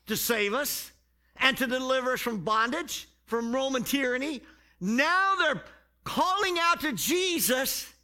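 High-voiced, bright male preacher. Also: expressive. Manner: preaching, rising to shouts; drawn-out emphatic phrasing. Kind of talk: sermon.

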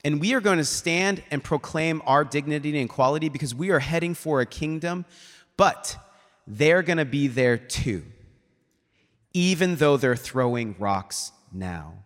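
A man's voice: fairly high pitch, moderate pace, a bit bright. Man preaching in a reverberant hall. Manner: casual retelling with frequent "like" and "she's like" quotes. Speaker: guest preacher. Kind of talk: conversational storytelling sermon. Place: church sanctuary. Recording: long reverb of a large hall.

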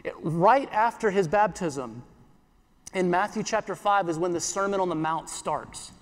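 A pastor giving an earnest sermon in church, repeating phrases and slowing down for scripture. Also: male voice, sits high, long reverb tail.

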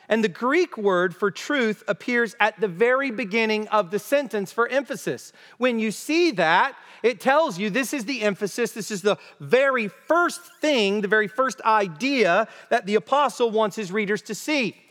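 A man preaching an expository sermon, emphatic and deliberate, repeating key phrases to drive them home. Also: sits high, expressive, fairly bright tone. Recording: long reverb of a large hall.

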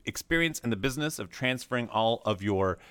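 A wisecracking man co-hosting a casual podcast, with a voice that moves a lot in pitch. The recording is close and dry, with no room sound around him. He swears freely in a joking way. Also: lively intonation, brisk, a bit bright, no room sound. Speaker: podcast co-host. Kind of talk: casual chat.

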